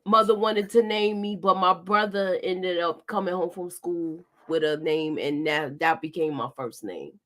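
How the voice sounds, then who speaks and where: A woman's voice: fairly low pitch, measured pace, few pauses, a bit bright. Easygoing woman co-host, casual recap talk, some hesitant fillers. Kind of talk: casual movie recap chat.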